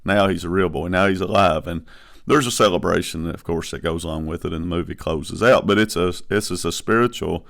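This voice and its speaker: Low gravelly guy preaching a sermon, gets worked up and emphatic. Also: fairly quick, a bit bright. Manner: impassioned, rising to emphatic bursts, frequent restarts.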